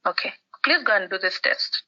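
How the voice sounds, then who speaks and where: Very bright-voiced Kenyan woman on a call. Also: medium pitch, normal speed. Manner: animated storytelling, acting out the people she quotes; drops Swahili words into her talk. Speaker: podcast guest. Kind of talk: casual chat over a phone call. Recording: muffled phone-call audio.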